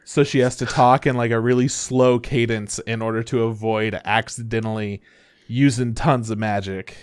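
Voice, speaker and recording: A man's voice: mid-range voice, steady tone, moderate pace, clear, resonant tone, no room sound. A man co-hosting a podcast, chatting in a laid-back way with casual swearing. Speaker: podcast co-host. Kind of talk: casual chat.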